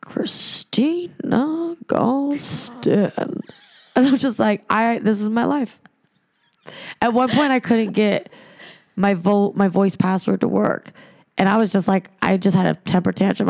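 A woman telling a wild personal story on a podcast, profane and animated, acting out the other people in it. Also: medium pitch, normal speed, creaky, long pauses. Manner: animated, profane, acts out quoted voices. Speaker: podcast guest. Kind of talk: casual storytelling chat.

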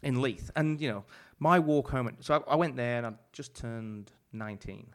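A man's voice: mid-range voice, moderate pace. Rambling English man telling stories. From England. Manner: swearing, rambling storyteller, laughs often. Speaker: chef guest. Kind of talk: casual chat.

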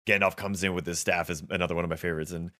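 A man with a fairly low voice talks quickly, piling one thought onto the next in an easygoing chat about movies. He sounds eager and a little rambling, with plenty of fillers between his points. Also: fairly even intonation, pushed and bright. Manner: enthusiastic, rambling with many fillers. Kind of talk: casual film discussion.

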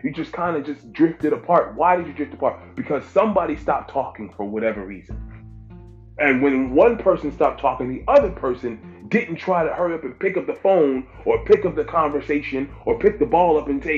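Male pastor, mid-pitched, preaching informally with emphatic repetition; muffled recording, soft music underneath. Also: lively intonation, brisk. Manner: emphatic, repeats phrases for stress. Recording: dull lo-fi with faint music.

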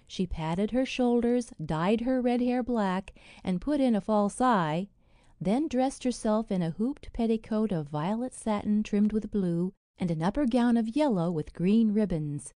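Woman reading an old fairy tale, lively up-and-down voice, dry close sound. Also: mid-range voice, unhurried, no echo. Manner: expressive, reads quoted lines with feeling. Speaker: narrator. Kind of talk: storybook narration.

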